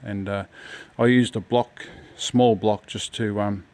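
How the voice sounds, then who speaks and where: A man's voice: fairly low pitch, fairly even intonation, slow pace, a little mellow. A man talking casually through a home repair job, rambling with lots of ums and restarts. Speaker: home DIYer. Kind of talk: casual DIY walkthrough.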